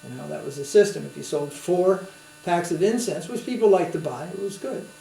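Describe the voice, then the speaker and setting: Speaking quickly in a high, creaky yet warm voice, this swami lectures on spiritual matters through anecdotes. He keeps it conversational, tossing in tag questions so his audience follows along. There's a roomy echo and a faint hum.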